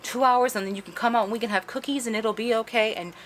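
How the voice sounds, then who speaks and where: Brief: a woman putting on a soft, unhinged male captor, high and singsong, coaxing. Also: fairly even intonation, quick pace, slight background noise, close to an everyday voice. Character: gentle, unhinged male captor soothing a child.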